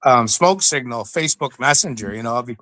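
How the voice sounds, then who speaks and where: A middle-aged man from western Canada, an interview guest who tells stories in a casual, animated way and acts out the voices. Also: medium pitch, brisk, dry recording. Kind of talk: casual storytelling.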